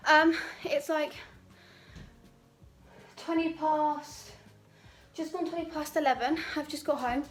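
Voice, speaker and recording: High-voiced chatty teenage girl. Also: fairly even intonation, slow pace, pauses often. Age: teens. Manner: chatty, rambling, heavy use of "like". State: out of breath. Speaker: vlogger. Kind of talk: casual vlog chat.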